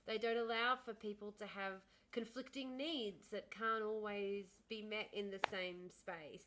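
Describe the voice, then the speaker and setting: A woman hosting a livestream who talks in long, rambling stories. She chats casually. Her voice sits at a middling pitch. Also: a bit bright, low-quality recording. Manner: rambling, chatty storytelling. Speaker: livestream host. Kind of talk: casual chat.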